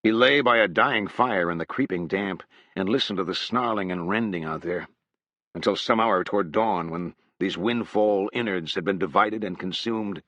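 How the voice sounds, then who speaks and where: A man narrating a literary novel in a measured, unhurried storytelling manner. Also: deep voice, fairly bright tone, dry recording. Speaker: audiobook narrator.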